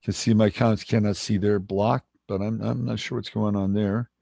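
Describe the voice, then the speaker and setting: A man hosting a livestream in casual chat, relaxed and rambling as he greets viewers. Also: on the low side, moderate pace, gravelly, no echo. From San Jose, California, USA. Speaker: livestream host.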